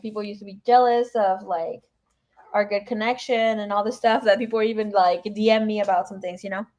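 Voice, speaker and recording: A woman giving a casual live tarot reading, chatting and telling stories to viewers she calls by name. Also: medium pitch. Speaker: tarot reader.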